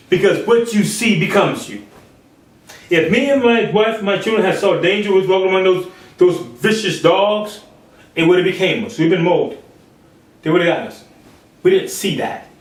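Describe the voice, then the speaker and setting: A man's voice: high voice, fairly bright tone, reverberant, distant mic, low-quality recording. A man preaching a sermon, acting out quoted speakers in changing voices. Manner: acts out biblical quotes in shifting voices.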